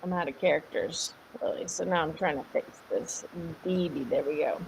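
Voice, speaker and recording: A woman's voice: low-pitched, normal speed, vocal fry, darkish tone, a little hiss or hum. Upbeat woman fitness coach, live stream. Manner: upbeat, chatty, answers viewers by name, laughs often. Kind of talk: live-stream workout instruction. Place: home workout space. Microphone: camera mic at home.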